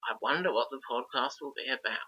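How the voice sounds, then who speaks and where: A man's voice: mid-range voice, quick pace, bright, forceful tone, husky, poor audio. A man hosting a casual podcast, chatting enthusiastically and listing things off. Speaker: podcast host.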